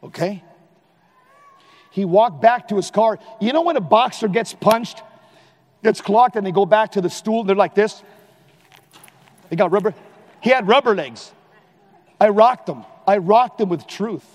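A man giving a live Catholic preaching talk in a large hall, animated and emphatic, sometimes shouting. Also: high voice, a little slow, long pauses. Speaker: Catholic lay speaker.

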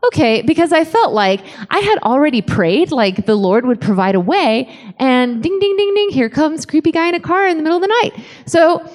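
A woman speaker giving a humorous faith testimony, animated and self-mocking, acting out the voices in her story. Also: high voice, normal speed, in a large hall. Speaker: conference speaker.

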